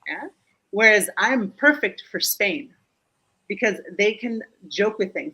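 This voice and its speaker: A woman from Germany, a guest speaker and humor coach, is animated and joking in a live online interview over a video call, with quick asides and a frequent "Yeah?" to check in. Her voice is medium in pitch and husky, and the audio is poor.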